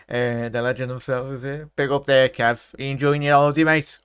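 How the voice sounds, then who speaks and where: Scouse streamer in his thirties, smooth voice, dry close mic, chatty football reactions. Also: medium pitch, brisk, dry recording. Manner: chatty, bursts into excited shouts at chances; talks straight to his chat. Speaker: watchalong streamer. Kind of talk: live football watchalong commentary.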